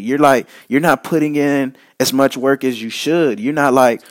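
At a normal speed with few pauses, a man in a mid-range voice speaks directly to camera. It's a loose motivational monologue where he repeats points, trips over and restarts lines, and adds preachy asides.

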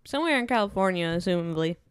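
Low-pitched woman, dry close sound. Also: lively intonation, smooth, dry recording. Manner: agreeable, quick interjections. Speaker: podcast co-host. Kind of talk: casual movie review chat.

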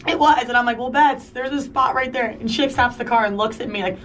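A woman co-hosting a podcast, telling stories in casual chat, quick to laugh and fond of acting out what people said. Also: on the high side, a bit bright, far from the mic, slight background noise. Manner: chatty, quick to laugh, plays out quoted dialogue. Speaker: podcast co-host.

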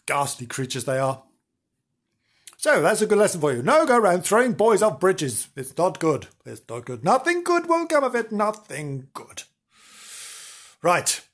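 A man telling a ghost story in a theatrical, hammy way, sinking to hushed whispers for the spooky parts. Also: fairly high pitch, slightly rough. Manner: theatrical, hammy, booing and hissing at villains. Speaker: storyteller and show host.

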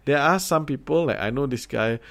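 A man's voice: mid-range voice, brisk, creaky, a bit bright. A man from Singapore with a Singaporean English accent, chatting bluntly and casually, swearing and using many fillers. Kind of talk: casual chat.

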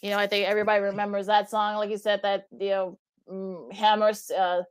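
A woman's voice: medium pitch, level tone, fairly quick, clear, resonant tone. A woman co-hosting a sports radio show, conversational and loose, leaning on fillers like "you know" and "look". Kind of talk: casual radio sports talk.

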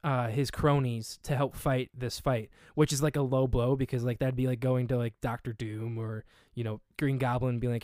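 Man co-host, smooth clear voice, dry close sound, rambly animated storytelling. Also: mid-range voice, normal speed, few pauses, dry recording. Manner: animated storytelling with many fillers and restarts. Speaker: podcast co-host. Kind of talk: casual chat.

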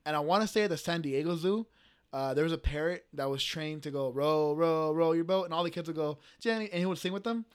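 An American podcast co-host with a clear, resonant, slightly high voice talks quickly, telling stories amid casual banter among friends. He's an animated storyteller who acts out voices and laughs often.

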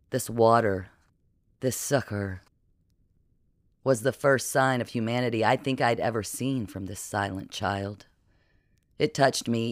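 A man narrating a first-person audiobook in a measured, somber way. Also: mid-range voice, dry recording.

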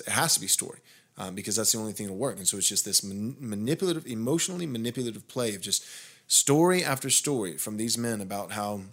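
A man, a pastor hosting a podcast, telling a long story in casual conversation, growing more heated with frequent restarts. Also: fairly low pitch. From United States. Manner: animated, rising intensity when indignant, frequent restarts.

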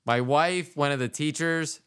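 A man's voice: on the high side, measured pace, a bit bright, clear, resonant tone. A man hosting a podcast, telling jokes and rambling in casual chat, often trailing off mid-sentence. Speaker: podcast host.

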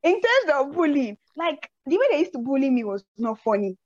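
A young woman with a Nigerian accent tells personal stories on her podcast. Her voice sits high, and she acts out the people in her stories with a lot of energy. The recording is a little muffled and dry, with no room sound. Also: a little fast, no echo. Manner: animated storyteller who acts out quotes. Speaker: podcast host. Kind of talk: casual chat, personal storytelling. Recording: slightly dull, dry audio.

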